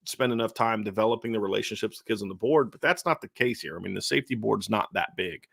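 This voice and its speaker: A man's voice: fairly low pitch, fast talker, gravelly, fairly bright tone, breathy edge, no room sound, clean studio sound. A man co-hosting a casual sports talk show, conversational and prone to repeating words as he starts a thought. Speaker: co-host.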